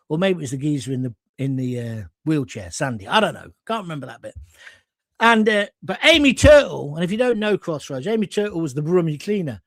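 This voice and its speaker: Middle-aged male host, animated raconteur, bright high pitch, dry close sound. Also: no room sound. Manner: chatty, animated storyteller. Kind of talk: live show anecdote chat.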